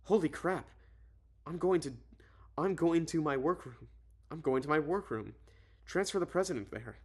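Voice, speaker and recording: A startled woman inventor snaps out short, alarmed answers, read by a man in his own mid-pitched voice. There is little acting in the delivery. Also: moderate pace, natural voice. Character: alarmed woman inventor, first-person heroine.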